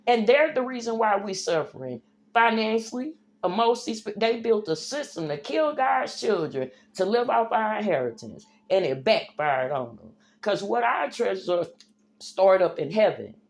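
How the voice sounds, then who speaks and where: A woman livestreaming an impassioned religious rant, preachy and emphatic, calling her viewers y'all and baby. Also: medium pitch.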